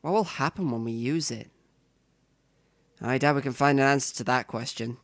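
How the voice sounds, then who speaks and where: A man's voice: medium pitch, normal speed, no echo. Man reading a visual novel aloud. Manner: narrates in first person, with asides to the viewer. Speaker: let's player.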